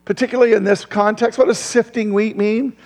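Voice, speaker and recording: High gravelly pastor preaching. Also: male voice, a little fast, long reverb tail. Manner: animated, asks the crowd questions, chuckles often. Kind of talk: sermon. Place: church.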